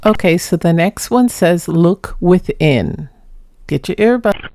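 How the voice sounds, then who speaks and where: A woman's voice: on the low side, normal speed, background noise. A woman casually talking through ghost audio clips in her vlog, hesitant and repeating herself as she introduces each one. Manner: hesitant, repeats herself, quotes voices flatly. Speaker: paranormal vlogger.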